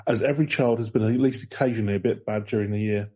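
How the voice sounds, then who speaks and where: A man's voice: fairly low pitch, racing, dark tone, breathy edge. A man co-hosting a casual podcast, reading notes aloud in a rambling way with dry jokes. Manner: rambling with fillers, dry joking. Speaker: podcast co-host.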